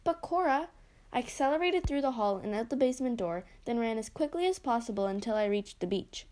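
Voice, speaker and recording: A woman reading a first-person story aloud with expressive narration. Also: on the high side, fast talker.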